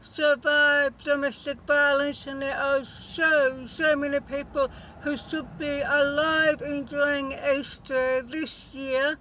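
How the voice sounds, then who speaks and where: Woman vlogger, heartfelt and emotional, slow unhurried delivery with lots of fillers. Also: high voice, flat delivery, sharp tone, slight background noise, poor audio. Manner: emotional, halting, with many fillers; heartfelt and earnest. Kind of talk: casual direct-to-camera vlog.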